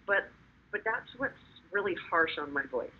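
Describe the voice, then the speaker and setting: Over tinny, phone-like call audio, a woman in a webinar tells a story casually. Her voice is fairly low, slightly rough and animated at a normal speed, yet she sounds hesitant and self-conscious.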